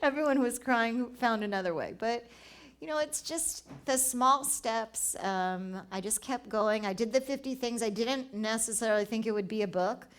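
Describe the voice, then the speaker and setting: Woman in her forties, animated storyteller, slightly high pitch, quotes people in voices. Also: moderate pace. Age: 40s. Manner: animated, acts out dialogue, laughs often. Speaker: travel writer and speaker. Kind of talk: storytelling talk at a live event.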